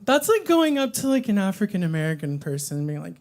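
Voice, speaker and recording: A woman's voice: mid-range voice, very animated, fast, hardly any pauses, a little mellow. A woman doing a stand-up comedy set at a coffee shop open mic, crude and rambling, with lots of "um" and "like".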